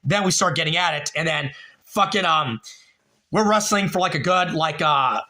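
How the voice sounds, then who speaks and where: Man, young adult, livestream host, casual storytelling, profane, rambling, a little buzzed, slightly high voice. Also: normal speed, bright, forceful tone. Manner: profane, rambling, with many fillers. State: a little tipsy.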